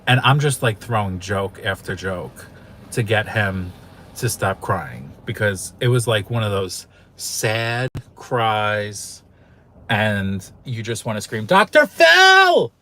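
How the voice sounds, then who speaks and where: A YouTube channel host with a fairly low, fairly bright voice speaks at a slow pace. In a casual storytelling vlog, he's candid, emotional, and foul-mouthed, swearing freely as he tells his story.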